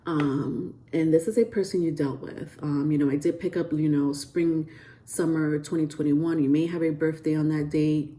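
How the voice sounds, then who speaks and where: A woman's voice: low-pitched, steady tone, moderate pace, mellow. A woman giving a casual tarot reading to camera, chatty and rambling with lots of fillers and restarts, often breaking into giggles. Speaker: tarot reader.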